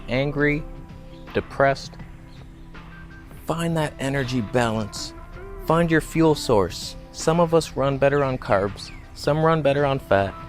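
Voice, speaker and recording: A man of medium pitch chats to the camera outdoors, casual and joking, with wry self-mocking asides. Faint music plays underneath his voice. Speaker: vlogger. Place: outdoors, walking by a road.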